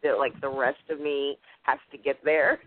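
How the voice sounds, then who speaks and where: A woman's voice: very deep voice, level tone, normal speed, dry recording. A woman hosting a radio show, chatting casually and laughing often. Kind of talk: casual chat. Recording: phone-line audio.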